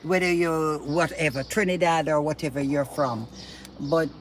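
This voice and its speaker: A woman's voice: sits low, normal speed. Blunt, opinionated woman, noisy recording. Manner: blunt, opinionated, animated storytelling. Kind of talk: casual chat. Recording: noisy background.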